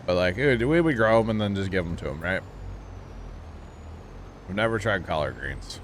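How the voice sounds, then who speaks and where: A man's voice: low-pitched, lively intonation, normal speed, a little hiss or hum. A man streaming a farming game, chatting casually and rambling with lots of fillers. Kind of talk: casual livestream chat while gaming.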